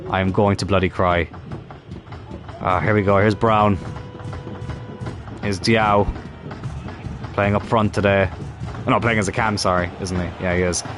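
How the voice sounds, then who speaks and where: Low-voiced man grumbling over a game. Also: steady tone, unhurried, pauses often, music in the background. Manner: frustrated, muttering, swears at the game. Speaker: gaming YouTuber. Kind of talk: casual gameplay commentary.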